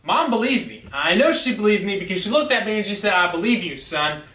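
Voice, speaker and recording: Vlogger, male, slightly high voice, storytelling, a bit off-mic. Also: sing-song, quick pace, a bit bright, recorded from a distance. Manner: emphatic, insistent storytelling. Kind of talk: storytelling vlog. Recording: echoey room, away from mic.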